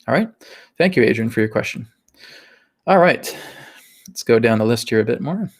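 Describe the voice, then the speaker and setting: A man hosting a live spiritual talk and Q&A in a casual, animated way, often checking in with "right?" and acting out voices. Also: medium pitch, normal speed, husky. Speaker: host and spiritual teacher.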